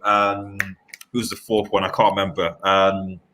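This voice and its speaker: A man hosting a live-stream football chat, talking in an animated, rambling way with many restarts. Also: low-pitched, unhurried, a little hiss or hum. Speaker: fan channel host.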